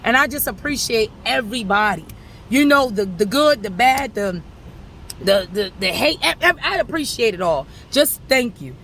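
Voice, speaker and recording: Bright-voiced New woman on the street. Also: fairly high pitch, normal speed, a little hiss or hum. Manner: animated, rambling, addresses viewers directly. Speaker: vlogger in addiction recovery. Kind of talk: casual talk to followers. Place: outdoors on a city street with traffic.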